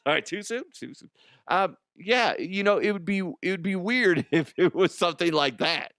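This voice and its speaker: A man hosts a comedy podcast in a rambling, profane monologue and keeps breaking into giggles. His voice sits a bit high, and the pitch swings a lot. The sound is dry and close. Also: lively intonation, a little slow, gravelly, fairly bright tone, no room sound.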